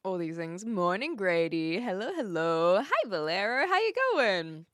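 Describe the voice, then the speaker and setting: A woman's voice: lowish voice, very animated, unhurried, a bit bright, dry recording, studio quality. A woman from New Zealand with a light accent, chatting casually with viewers on a live stream, laughing often and trailing off mid-sentence.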